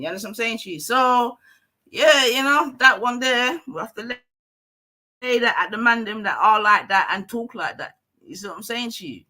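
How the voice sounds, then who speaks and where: London guy going off on a live stream, bright sharp voice, arguing hard with slang everywhere. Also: sits high. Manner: forceful, confrontational, London street slang. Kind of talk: heated live debate.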